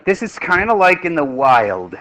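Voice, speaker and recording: A middle-aged male math teacher in a classroom, with a bright voice pitched a little high. He jokes around and keeps quizzing the class as he works through a problem. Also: normal speed, poor audio. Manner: lively, joking, quizzing the class.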